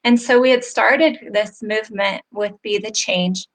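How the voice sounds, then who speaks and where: A woman's voice: mid-range voice, unhurried, a bit bright. A woman hosting a live online interview, telling stories in an earnest, heartfelt way that grows emotional, heard over a video call. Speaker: host.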